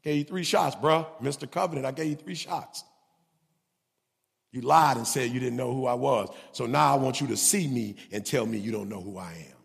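A man's voice: mid-range voice, normal speed, creaky, voice pushed down. A man preaching, voicing the Lord in casual speech as he presses a disciple to face him, in a reverberant hall. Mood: confronting. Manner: casual street-talking rebuke. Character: the Lord, a patient but pressing male divine voice.

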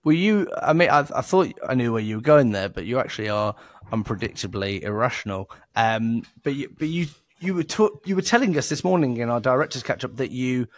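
A man's voice: mid-range voice, animated, a little fast, no echo, studio quality. A man co-hosting a podcast, talking casually, laughing often and acting out quoted voices. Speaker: podcast co-host. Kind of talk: casual sales podcast chat.

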